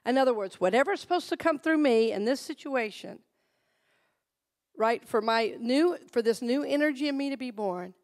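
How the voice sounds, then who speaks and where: Female minister, middle-aged, high voice, sermon with call-and-response, conversational and warm in tone of address. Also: moderate pace. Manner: call-and-response, asks the congregation to repeat phrases; conversational storytelling, drops soft and low for personal anecdotes.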